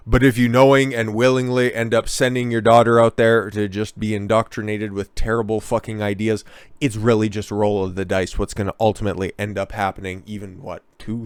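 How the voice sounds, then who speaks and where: Male commentary host, low and resonant, profane and sarcastic ranting. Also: clean tone, dry recording.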